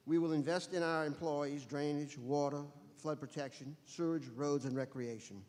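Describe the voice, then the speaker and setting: A man giving a steady, businesslike closing statement as a candidate, listing his priorities. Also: fairly high pitch, moderate pace. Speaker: candidate for parish president. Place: school auditorium. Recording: reverberant auditorium with long echo.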